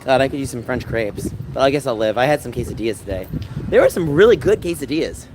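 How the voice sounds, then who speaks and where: A man's voice: medium pitch, animated, fast talker, background noise. A man livestreaming to his viewers, telling an agitated, rambling story and repeating himself as he vents. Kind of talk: livestream chat, ranting to viewers.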